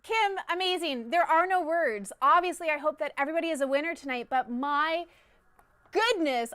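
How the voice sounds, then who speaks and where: A woman hosting a live TV bingo show, gushing and excitable as she announces the jackpot. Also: high-pitched, moderate pace.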